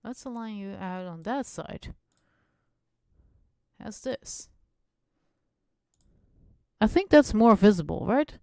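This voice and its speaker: A woman's voice: medium pitch, animated, slow pace, pauses often, a little mellow, clear, resonant tone, dry recording, clean studio sound. A woman whose first language is not English, live-streaming a Minecraft build and chatting in a rambling way while she plays and mutters to herself.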